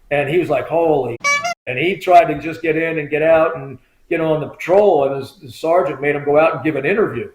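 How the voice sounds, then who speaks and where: A man with a somewhat high voice tells a long story as a guest, animated and chatty, slipping into the voices of the people he quotes. The room gives his voice a noticeable echo. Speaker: guest, former state trooper. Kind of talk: casual storytelling interview.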